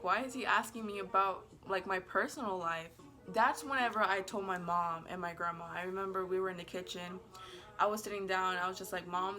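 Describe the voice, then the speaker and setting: With a medium-pitched voice and a bright, forceful tone, a woman vlogger rambles chattily through a casual storytime for the camera. Bubbly and giggly, she peppers it with "like" and playfully says sorry.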